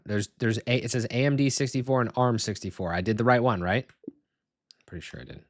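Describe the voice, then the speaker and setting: A young man streaming live as he sets up software, swearing and muttering in frustration as he talks to himself and his viewers. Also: mid-range voice, brisk, dry recording, clean studio sound.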